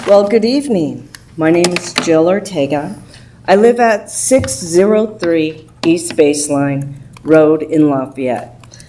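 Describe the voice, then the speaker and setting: Slow, emotional, indignant woman. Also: on the low side, expressive, dark tone, slight background noise, poor audio. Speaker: public commenter. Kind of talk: public comment at a council meeting.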